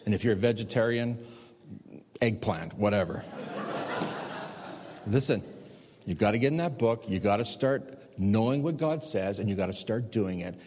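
A man's voice: on the low side, dark tone, husky. A male pastor preaching a sermon, emphatic and repetitive with rising outbursts. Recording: long reverb of a large hall.

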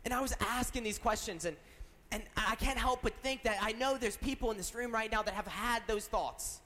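A man's voice: high-pitched, moderate pace, pushed and bright. A young man preaching as a youth pastor, earnest and storytelling, joking at himself and asking the audience questions. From South Carolina. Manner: earnest, storytelling, self-deprecating jokes, asks the audience. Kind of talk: sermon. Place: large church hall. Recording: reverberant hall.

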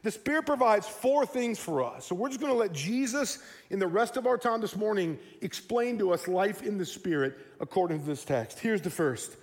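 A man's voice: high-pitched, expressive, moderate pace, hardly any pauses. A man in his forties preaching a sermon to his congregation, who acts out the voices he quotes. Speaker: pastor. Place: church sanctuary. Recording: reverberant church hall.

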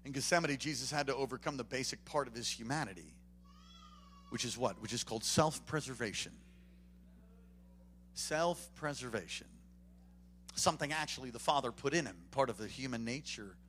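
A man preaching a sermon to a congregation, swinging from hushed asides to loud, animated bursts. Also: medium pitch, quick pace, soft background music. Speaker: pastor. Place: church before a congregation.

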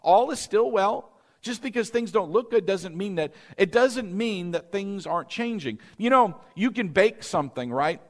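A male pastor preaching with a fairly high, very lively voice. He leads his listeners through call-and-response lines and swells into loud, emphatic peaks. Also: moderate pace. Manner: rising to emphatic, louder peaks. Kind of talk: sermon.

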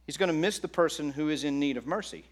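A man's voice: a little high, fast. Man, middle-aged, pastor, sermon, conversational, asks the congregation questions.

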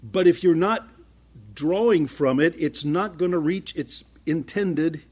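A man's voice: fairly high pitch, a little slow, breathy edge. A man preaching a sermon in a conversational way, acting out small exchanges and building to fervent emphasis. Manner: conversational, acts out small dialogues, grows louder and more fervent. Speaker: pastor.

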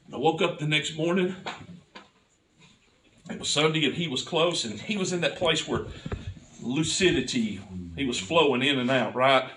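Brief: man preaching a testimony, fervent, higher pitch, bright timbre, a bit off mic. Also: moderate pace, long pauses, recorded from a distance, a little hiss or hum. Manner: impassioned storytelling, building to fervent cries. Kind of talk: sermon testimony.

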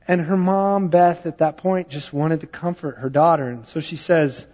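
A man's voice: on the high side, steady tone, moderate pace, few pauses, darkish tone. Man preaching in a reverberant church. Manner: conversational storytelling with fillers. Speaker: pastor. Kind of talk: sermon. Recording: dull sound with long hall reverb.

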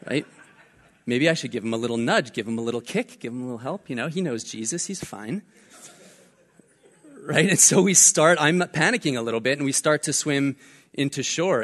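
A young man preaching a casual sermon as pastor, telling a story in a relaxed way with fillers and jokes. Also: medium pitch.

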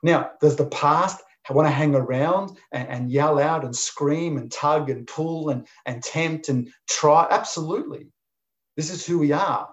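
A man preaching a sermon, emphatic and deliberate, driving points home with repetition. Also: fairly high pitch. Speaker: pastor.

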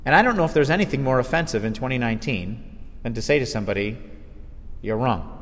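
A man preaching a sermon in a lively, conversational way, acting out quotes as he goes. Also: mid-range voice, racing, long reverb tail.

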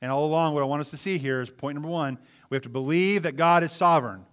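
A man's voice: a little high, quick pace, a bit bright, smooth. A man preaching a sermon in a conversational way, often repeating words and asking his listeners questions.

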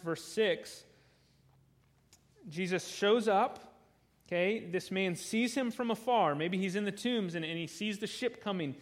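A man with a high, somewhat bright voice preaches a sermon through a Bible passage. He is earnest and conversational, and he often repeats words as he restarts a sentence.

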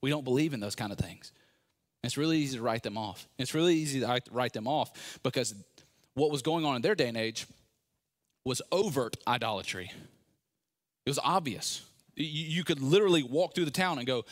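A man giving a sermon, retelling a Bible story in a relaxed, conversational way with playful asides. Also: mid-range voice, brisk. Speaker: pastor.

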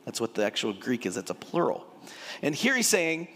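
Lively husky-voiced preacher. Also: male voice, on the low side, moderate pace, in a large hall. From Texas. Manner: animated, emphatic, acts out scripture dialogue. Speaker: pastor. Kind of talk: sermon.

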